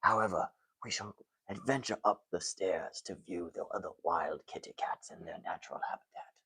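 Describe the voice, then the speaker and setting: A man putting on a hushed, solemn nature documentary narrator in a whispered role-play. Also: low voice, normal speed, breathy edge, voice pushed down, exaggerated voice.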